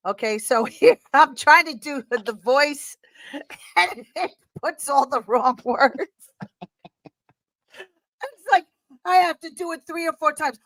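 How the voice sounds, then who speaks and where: High-voiced woman with a thick New York accent. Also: measured pace, long pauses, dry recording, rough recording. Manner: animated, laughing, rambling with many fillers. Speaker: guest. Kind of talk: casual chat.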